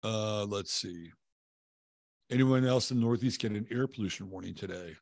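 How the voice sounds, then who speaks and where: Rambling man hosting a livestream, low voice. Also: moderate pace, creaky, no room sound, studio quality. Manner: rambling, loose, swears casually, many fillers and restarts. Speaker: livestream host. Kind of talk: casual livestream chat reading viewer comments. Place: home, living in Texas.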